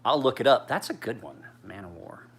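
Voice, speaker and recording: A man's voice: medium pitch, lively intonation, a little fast, background noise. A man in his forties, tired, chatting casually as a knife sharpener in a rambling, profane, laid-back way. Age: 40s.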